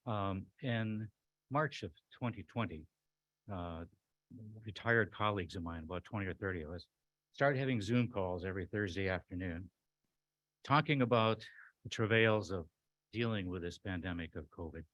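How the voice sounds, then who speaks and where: An older man with a very low voice gives a public comment at a meeting. He speaks loosely and off the cuff, with frequent ums and uhs. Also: normal speed, no room sound, lo-fi sound. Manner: relaxed, with many fillers.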